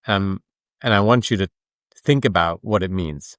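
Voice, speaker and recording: A man's voice: low-pitched, moderate pace, fairly bright tone, dry recording, studio quality. A man, an author and coach, explaining his ideas in a conversational interview, emphatic and fond of rhetorical questions. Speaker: author and coach, podcast guest.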